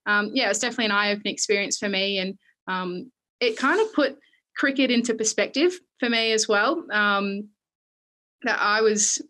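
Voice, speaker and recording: A woman in her twenties with an Australian accent, talking as an interview guest in a halting way, with many fillers and restarts. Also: medium pitch, pushed and bright, rough recording. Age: 20s. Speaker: guest athlete. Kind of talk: interview, personal recollection.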